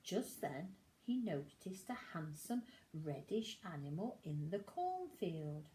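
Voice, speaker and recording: A woman reading a picture book aloud to children in an animated, sing-song storytelling way. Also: fairly low pitch, slow pace, a little hiss or hum.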